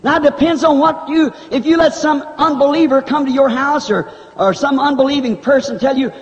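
A man's voice: very high voice, lively intonation, moderate pace, hardly any pauses, highs cut off. A man preaching a revival sermon in a fervent, folksy style with country grammar, recorded in a church hall on old tape.

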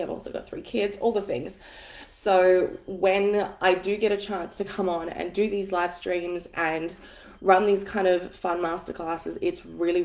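A woman in her thirties, tired and a bit husky from an early start, hosting a live money masterclass from home on her phone in a chatty, self-deprecating way with plenty of swearing. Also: lowish voice, echoey room. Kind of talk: casual livestream teaching. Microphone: phone on a tripod.

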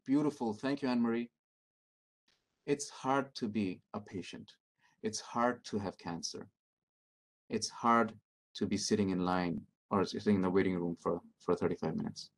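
A middle-aged man leading an interactive training workshop, speaking calmly and encouragingly as he reads out answers from the audience. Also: lowish voice, normal speed. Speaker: workshop presenter.

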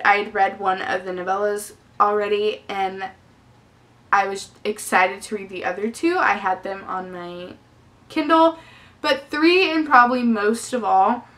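A young woman talks through a book tag on her vlog, bright and a little sharp in tone. She gushes freely and fills her talk with casual fillers. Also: fairly high pitch. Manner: chatty and effusive, lots of "definitely" and "like". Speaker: book vlogger.

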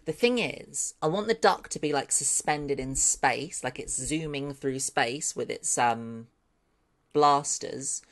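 A woman on a live stream talks her way through a 3D modeling tutorial at an unhurried pace, thinking aloud as she goes. She turns excitable when things go well, swearing with delight and chatting to her viewers. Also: rumbling low.

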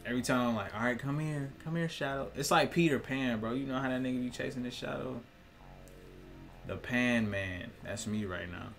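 A young man, a musician, rambling in a casual monologue, full of cursing, slang and laughter. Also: mid-range voice. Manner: profane, laughing, slangy storytelling.

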